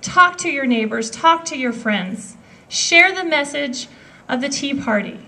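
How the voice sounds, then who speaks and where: A woman's voice: sits high, expressive, measured pace, bright, forceful tone, low-quality recording. A woman in her thirties giving an earnest, emotional speech at an outdoor political rally. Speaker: rally speaker.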